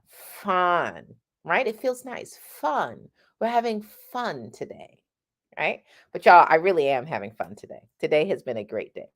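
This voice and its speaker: Low-voiced woman teaching singing. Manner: chatty, often asks "right?"; demonstrates sounds mid-sentence. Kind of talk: casual vocal lesson.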